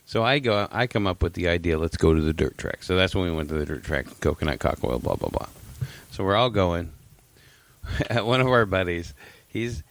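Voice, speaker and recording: A man's voice: low-pitched, animated, moderate pace. A man co-hosting a podcast, telling a long, rambling story in casual chat, swearing freely and laughing often. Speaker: podcast co-host.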